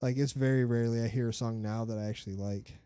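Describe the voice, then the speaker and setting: A man's voice: medium pitch, fairly even intonation, quick pace, mellow, smooth, no echo. A man co-hosting a casual podcast, ranting bluntly with swearing and lots of filler words. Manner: blunt, profane, opinionated rants with many fillers. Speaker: podcast co-host. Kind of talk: casual chat.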